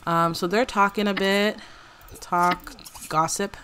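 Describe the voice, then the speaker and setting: A woman's voice: mid-range voice, steady tone, slow, background noise. A young woman giving chatty, casual commentary while she plays a life-sim game, talking in a bubbly, filler-heavy way. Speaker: let's play creator.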